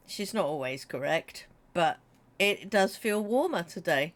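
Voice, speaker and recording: A woman's voice: fairly low pitch, lively intonation, takes it slowly. A British woman streaming a game and chatting casually with her viewers. She has a runny nose, jokes a lot, and reads out and answers messages from chat. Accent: British English. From Britain. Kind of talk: casual chat while gaming.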